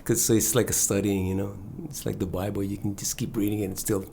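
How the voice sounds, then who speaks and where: A man speaking as a musician guest in a casual interview, soft-spoken and hesitant, often trailing off. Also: fairly low pitch, flat delivery, quick pace, vocal fry, slight background noise. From Hawaii.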